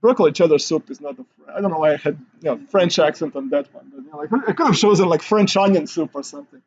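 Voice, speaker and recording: A man's voice: on the high side, fast talker, muffled recording, slight background noise. A male university instructor giving a recorded class lecture in a casual, rambling way with many fillers and restarts.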